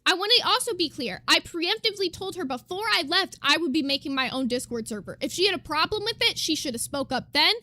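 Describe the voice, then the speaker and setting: A woman's voice: extremely high pitch, animated, quick pace, hardly any pauses, pushed and bright. A young woman streamer ranting to her live chat, emphatic, profane and indignant as she lays out her side.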